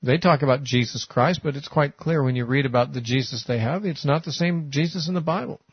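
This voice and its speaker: Man preaching, husky voice, dry muffled lo-fi sound, conversational with fillers. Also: fairly high pitch, brisk, no echo. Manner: conversational, with frequent "uh" and "you know". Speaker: Bible teacher. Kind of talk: sermon-style Bible teaching. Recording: muffled, lo-fi recording.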